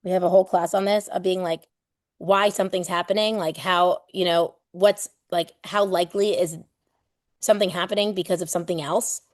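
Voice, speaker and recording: A woman's voice: fairly low pitch, fairly even intonation, brisk, dry recording, clean studio sound. A woman running a live online exam prep class in a loose, playful way. She acts out everyday examples and swears casually.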